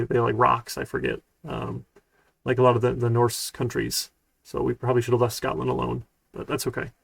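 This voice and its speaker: A man teaches a programming class over a live stream, chatting loosely with plenty of fillers. His voice sits at a middle pitch with a gravelly texture. The sound is close and dry, from a desk microphone in a small room. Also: no echo. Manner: relaxed, rambling, lots of fillers. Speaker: college programming instructor. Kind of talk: casual live-streamed lecture.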